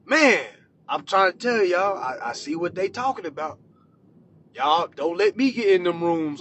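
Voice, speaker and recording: Man, very high voice, profane comic ranter who swings from shouts to mutters, faint vehicle hum behind. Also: lively intonation, measured pace. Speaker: social media commentator. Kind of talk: profane comedic rant to camera.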